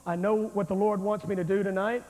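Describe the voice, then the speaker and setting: A preacher with a high, ringing man's voice delivers a revival sermon in a packed church sanctuary. He is folksy and emphatic, talking straight to the congregation. His words echo through a big, reverberant hall on an old videotape recording. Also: flat delivery, brisk, a little mellow. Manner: folksy, emphatic, addresses the crowd directly. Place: large church sanctuary with thousands present.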